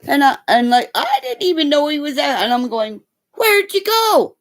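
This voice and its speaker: A woman's voice: high-pitched, fairly quick. A middle-aged woman telling rambling, profane stories in casual chat, acting out the voices of the people in them. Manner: profane, animated, acts out quoted voices. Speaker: live streamer.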